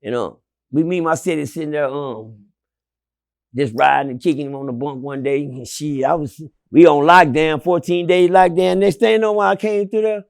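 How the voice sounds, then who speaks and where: High, gravelly-voiced storyteller man. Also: moderate pace. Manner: swinging from loud shouts to low murmurs, profane. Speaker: interview guest. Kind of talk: animated storytelling.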